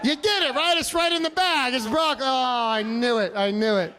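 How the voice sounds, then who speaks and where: A comedian from Chicago telling animated stories on a comedy club stage, with sudden loud outbursts. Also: male voice, very high voice, brisk, a little hiss or hum. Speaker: stand-up comedian. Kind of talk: stand-up set.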